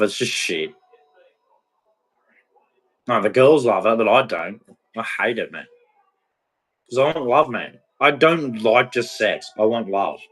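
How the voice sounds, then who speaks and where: A man's voice: on the low side, fairly bright tone, low-quality recording. A man giving a blunt, rambling, emphatic monologue about relationships, speaking candidly as a podcast host.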